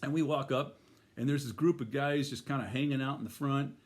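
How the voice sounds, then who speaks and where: A man's voice: medium pitch, steady tone, fairly quick. A middle-aged man telling a personal story in a casual, rambling way, full of fillers and restarts.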